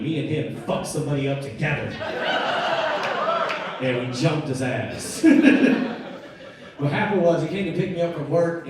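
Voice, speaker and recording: A man tells a stand-up story on a club stage, slightly high-voiced and heard from a little way off the mic. The room is echoey, and a crowd laughs loudly behind him. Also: far from the mic. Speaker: stand-up comedian. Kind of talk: stand-up set. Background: audience laughter.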